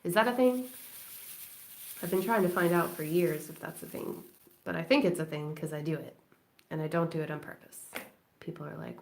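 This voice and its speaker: Brief: woman live-stream crafting host, lowish creaky voice, chatty and rambling, laughs often. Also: brisk, pauses often, a little mellow, slight background noise. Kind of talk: late-night casual chat while crafting. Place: at home indoors.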